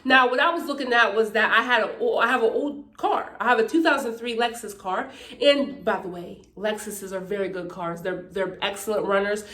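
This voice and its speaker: A woman's voice: mid-range voice, fairly quick, fairly bright tone. Chatty woman in an echoey room. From Pittsburgh, Pennsylvania, USA. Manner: chatty, emphatic, checks in with "okay?". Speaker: YouTuber. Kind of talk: casual faith testimony vlog.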